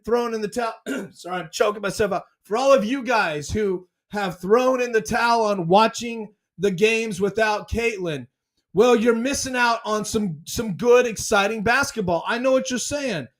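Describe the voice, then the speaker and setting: Male fan podcast host, very high voice; dramatic, excitable, repeats himself. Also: unhurried.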